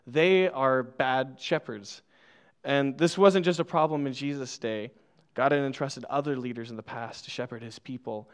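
A young man preaching a sermon, telling a funny childhood story and laughing often at himself before turning to scripture. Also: medium pitch. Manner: playful, laughs often, self-deprecating. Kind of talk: sermon with personal stories. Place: church.

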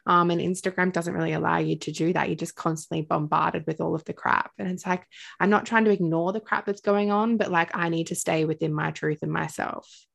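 A woman with a low, gravelly voice full of vocal fry, talking loosely in a casual spiritual podcast chat. She rambles and restarts her sentences, filling them with "like" and "um". Her tone stays relaxed and conversational. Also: a little fast. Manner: rambling, filler-heavy, with many "like"s. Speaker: coach with her own business.

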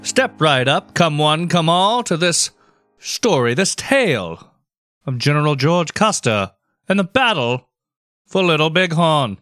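A man putting on an old-timey carnival barker voice, booming and sing-song. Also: very animated, measured pace, fairly bright tone, dry recording, clean studio sound, faint music behind. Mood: showy.

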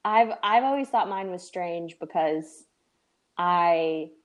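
Speaking slowly in a low voice, a woman with a light Southern accent from Tennessee co-hosts a podcast. Her talk is casual and chatty, with lots of "like" and "um" along the way.

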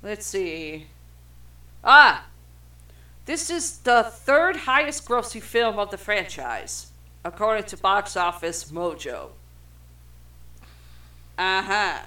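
Young adult co-host, slow and bright, reads trivia with cursing and stumbles. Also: medium pitch, very animated. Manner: profane, stumbles over words while reading. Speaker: podcast co-host reading trivia. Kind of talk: casual chat reading film trivia aloud.

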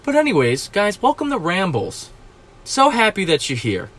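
High-voiced profane ranting man. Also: wildly swooping pitch, normal speed, background noise. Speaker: podcast host. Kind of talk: solo ranting podcast. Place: small closet.

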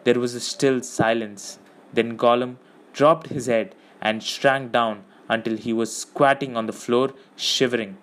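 A man's voice: medium pitch, steady tone, measured pace, fairly bright tone. Man reading an audiobook. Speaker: narrator.

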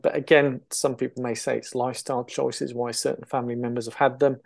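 An older English man in his sixties speaks as an interview guest, a voice pitched right in the ordinary middle range. He rambles warmly through his story, full of restarts and quick laughs. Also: little pitch movement, creaky. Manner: chatty storyteller, laughs often, many fillers and restarts. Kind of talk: casual interview chat.

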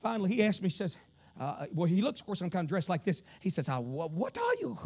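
A fast-talking Kentucky preacher with a Southern accent and slightly rough voice delivers a revival sermon, alternating between shouted sing-song passages and low storytelling.

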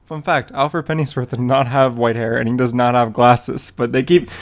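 A young man co-hosting a podcast in casual chat, animated and laughing often, slipping into mock voices. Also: medium pitch, normal speed. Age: young adult. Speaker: podcast co-host.

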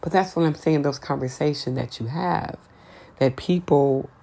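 A woman with an unusually low voice, rough with vocal fry, holds forth on her podcast in a casual, unfiltered monologue. She is blunt and outspoken, and her pitch jumps up when she gets heated. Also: moderate pace, mellow. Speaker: podcast host.

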